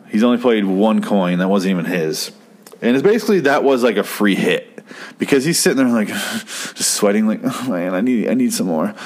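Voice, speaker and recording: A man casually recapping a story in a profane, rambling way, often correcting himself. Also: on the low side. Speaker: comedian recapping a show.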